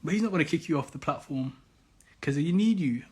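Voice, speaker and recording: A man's voice: fairly high pitch, lively intonation, brisk, darkish tone, breathy edge. A man giving impassioned religious commentary, firing off sarcastic rhetorical questions. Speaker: Islamic commentator.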